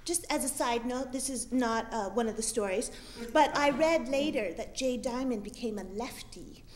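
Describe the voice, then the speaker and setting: A woman's voice: fairly high pitch, moderate pace. A woman from Utah reading her own funny stories on a comedy club stage with dry, wry humor. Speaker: storyteller. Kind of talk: live storytelling reading.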